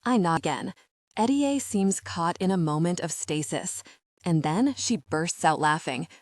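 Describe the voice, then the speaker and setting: Female audiobook narrator, low voice, dry close sound, steady first-person read. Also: measured pace, no echo.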